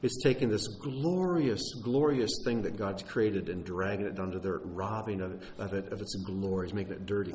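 A man's voice: fairly low pitch, a little mellow, a little hiss or hum. A man giving an earnest, emphatic sermon teaching, with some wry humor and frequent fillers and restarts. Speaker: teacher of a Messianic congregation.

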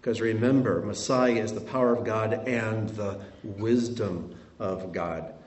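A man's voice: fairly low pitch, fairly even intonation, unhurried, a little mellow. A middle-aged man preaching a sermon as a pastor, conversational, asking his congregation rhetorical questions. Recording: roomy sound from a distant mic.

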